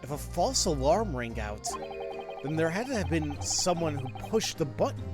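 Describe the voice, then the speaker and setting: A man voicing a formal police detective in a game, in a measured, formal manner. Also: on the high side, sing-song, over music. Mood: calm.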